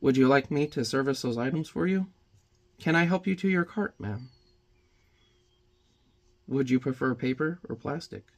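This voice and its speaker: A man doing an overly polite male store clerk with a soft, stiffly courteous service voice. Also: medium pitch, lively intonation, normal speed, pauses often, close to an everyday voice.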